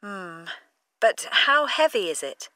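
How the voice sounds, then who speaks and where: A woman's voice: mid-range voice, very animated, takes it slowly, sharp tone, no echo. A woman playing a curious customer in a scripted textbook dialogue. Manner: curious and inquisitive.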